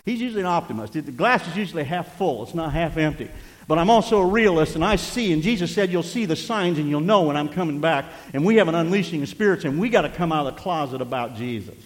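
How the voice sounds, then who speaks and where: An older man preaching a sermon as pastor, swinging between emphatic shouting and hushed, conversational asides. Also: a little high, expressive, quick pace, hardly any pauses, big-room sound, rough recording.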